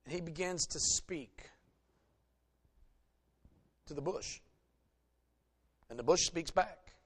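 Folksy high-voiced preaching man. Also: slow, husky. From American South. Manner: folksy, joking, animated preaching. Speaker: pastor. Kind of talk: sermon.

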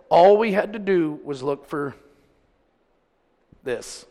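High, gravelly pastor preaching in a hall. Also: male voice, slow. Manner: animated preaching, swinging between loud peaks and quiet asides. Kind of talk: sermon.

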